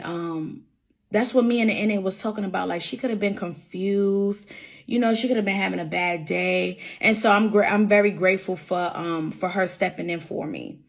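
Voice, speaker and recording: A young woman speaking straight to her viewers about being suspended at work, earnest and repeating herself as she goes over each point. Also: medium pitch. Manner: repetitive, earnest, often restates her point. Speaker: employee telling her story. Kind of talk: emotional personal account to camera.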